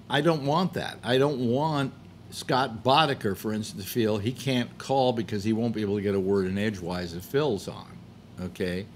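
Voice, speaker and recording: A man's voice: lowish voice, a little hiss or hum. A man hosting his own show, talking casually in a rambling way, full of fillers, restarts and the odd curse when frustrated. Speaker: host. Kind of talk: casual monologue.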